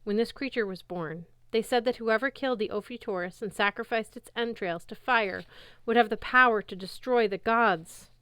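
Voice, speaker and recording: A woman's voice: a little high, moderate pace, fairly bright tone, smooth, dry recording, lightly acted. Woman voicing a grave, formal huntress girl. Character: solemn ancient huntress girl, formal speech. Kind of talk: audiobook character voice.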